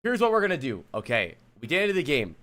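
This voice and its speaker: A fast-talking male streamer coaches a player live, his high, bright voice swooping wildly in pitch. He swears freely, sounds blunt and exasperated, and keeps interrupting his lecture to talk to his chat.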